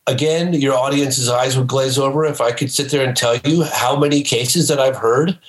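A man who is a filmmaker guest on a podcast, telling stories emphatically and breaking into excited shouts. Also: mid-range voice, normal speed, roomy sound, rough recording. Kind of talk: animated storytelling in a podcast interview.

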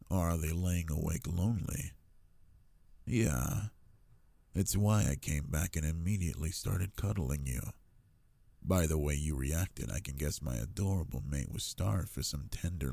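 A man playing a possessive, doting alpha lover in an intimate audio role-play, talking in a low, teasing way. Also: creaky, mellow, full character voice. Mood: tender.

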